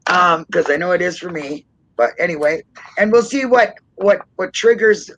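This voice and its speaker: A woman co-hosting an online support chat, joking and laughing a lot, with a naturally low voice that she pushes up higher when she talks. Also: highs cut off. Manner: laughs often, chatty and joking. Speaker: co-host of an online support talk. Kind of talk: casual live-stream chat.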